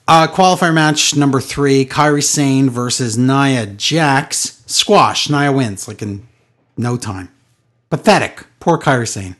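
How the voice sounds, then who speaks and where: A man's voice: mid-range voice, a little slow, fairly bright tone. A man hosting a casual wrestling podcast, giving sarcastic recaps with mocking impressions. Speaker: podcast host.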